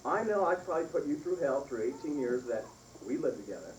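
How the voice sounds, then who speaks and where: Speaking quickly in a voice on the high side, a middle-aged man recounts a funny family story in his mother's eulogy, full of laughs and animated delivery. The setting is a funeral service hall. The audio comes from far away in an echoey, noisy room.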